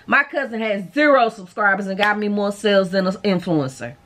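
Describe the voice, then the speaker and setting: A woman, chatting to her viewers in a lively way. She records from home at a middle pitch. Faint household ambience sits behind her. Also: brisk, a little hiss or hum. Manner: animated, talks straight to viewers. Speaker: vlogger. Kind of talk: casual chat to camera. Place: at home, indoors.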